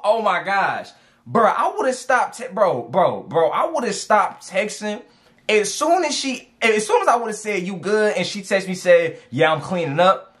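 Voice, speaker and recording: Brief: slangy male advice vlogger, higher-pitched, lively swings, repeats himself for punch. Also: a little slow. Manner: animated, slangy, repeats for emphasis. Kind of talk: casual reaction commentary.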